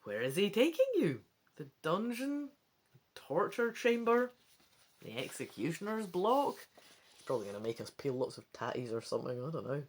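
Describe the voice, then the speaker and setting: A woman's voice: deep voice, big pitch swings, moderate pace, a little hiss or hum. A woman reading a choose-your-own-adventure book aloud, adding wry asides. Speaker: reader of a gamebook.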